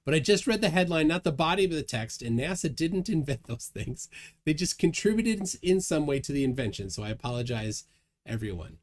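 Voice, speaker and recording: Speaking briskly in a fairly high register, this livestream host keeps things casual and lively. He chuckles while reading out comments from his chat.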